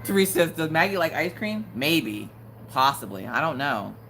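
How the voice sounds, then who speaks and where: A woman's voice: deep voice, sing-song, normal speed, a bit bright, a little hiss or hum. A woman hosting a casual live crafting stream, chatty and joking, laughing often.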